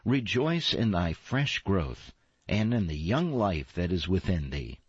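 Gentle sunbeams, voiced by a man. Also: deep voice, big pitch swings, a little slow, slightly rough, no echo, heavily acted. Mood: encouraging. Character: gentle sunbeams urging joy. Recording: dull lo-fi, dry.

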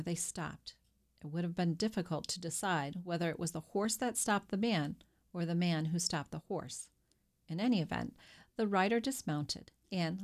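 A woman reads a classic novel aloud as an audiobook narrator. Her voice is on the low side, and she tells the story at a measured, expressive pace.

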